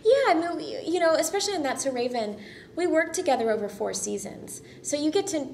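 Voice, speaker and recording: A woman's voice: high-pitched, expressive, brisk, creaky, darkish tone, a little hiss or hum. A woman actress answering interview questions casually, upbeat, friendly and enthusiastic.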